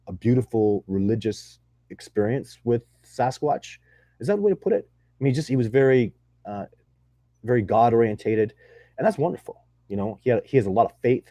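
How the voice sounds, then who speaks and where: Low mellow-voiced man, rambling and enthusiastic. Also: no echo. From not from Texas. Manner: rambling, enthusiastic, many restarts. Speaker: Sasquatch researcher answering viewer questions. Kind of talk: casual live Q&A chat.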